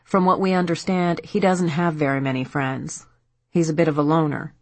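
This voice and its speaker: Woman reading as male police detective, stern, blunt, firm measured questioning, low husky voice, dry close audiobook sound. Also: steady tone, no echo. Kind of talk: audiobook character voice.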